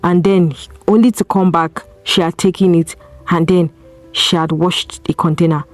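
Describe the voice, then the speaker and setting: A woman's voice: on the low side, darkish tone, dry recording. A woman with a Nigerian accent hosting an advice podcast, speaking earnestly and piling up rhetorical questions. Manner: earnest, preachy, asks strings of rhetorical questions. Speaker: podcast host. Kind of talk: solo advice talk.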